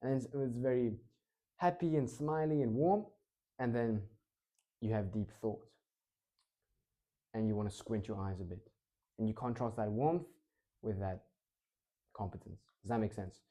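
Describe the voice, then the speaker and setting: Animated male speaking coach, mellow voice. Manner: animated, swings between high excited and low slow voice. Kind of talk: casual teaching monologue. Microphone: clip-on mic.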